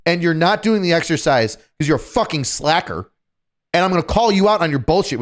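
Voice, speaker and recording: A man telling stories on a casual podcast, profane and animated, acting out what people said. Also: medium pitch. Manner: profane, animated, acts out shouted quotes. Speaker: podcast co-host telling a story.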